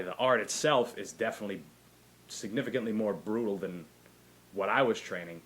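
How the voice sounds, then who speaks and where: An easygoing man hosting a podcast, tossing questions to his guest in casual conversation. His voice sits low in pitch but carries a bright, forceful tone. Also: slight background noise. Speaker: podcast host.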